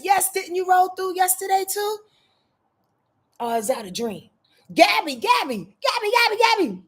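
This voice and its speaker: A woman's voice: high voice, a little mellow. A tired, effusive woman, hosting a casual astrology livestream from home and greeting viewers by name between frequent laughs.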